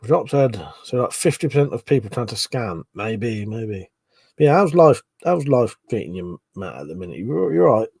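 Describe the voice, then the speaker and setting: A man's voice: medium pitch, sing-song, moderate pace, vocal fry, darkish tone, slightly rough, dry recording. A man hosting a casual live stream, drunk, swearing a lot and laughing as he reads viewer comments. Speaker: livestream host.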